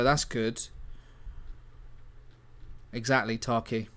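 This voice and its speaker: Man, streamer, mid-pitched voice, halting, self-correcting, casual. Suits relaxed commentary while working. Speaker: livestream host and scriptwriter. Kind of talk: casual livestream chat, reading a script aloud.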